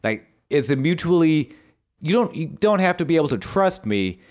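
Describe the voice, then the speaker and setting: A man's voice: a little high, very animated, moderate pace. A man co-hosting a podcast, eagerly recapping a show in casual chat with frequent fillers and restarts. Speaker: podcast co-host.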